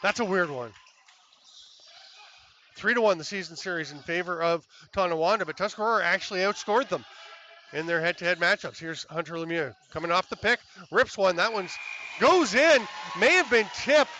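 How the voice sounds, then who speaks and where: A man calling a lacrosse game as play-by-play commentator, chatty and excitable on goals, with apologetic asides between plays. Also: high-pitched, a little fast. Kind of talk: sports commentary. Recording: slightly dull lo-fi broadcast with faint noise.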